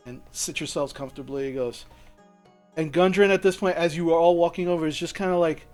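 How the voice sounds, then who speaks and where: Sex: man. Role: game master. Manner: loose, rambling, casual swearing. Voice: fairly high. Behind: faint music. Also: steady tone, a little fast, a little mellow. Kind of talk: narrating a tabletop game.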